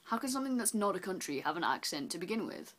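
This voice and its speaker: A woman's voice: big pitch swings, fast talker, fairly bright tone. Sweary, sarcastic English woman lecturing. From England. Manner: blunt, sweary, mock-lecturing; jumps between high exclaims and low muttered asides. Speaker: vlogger. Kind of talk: sarcastic explainer rant.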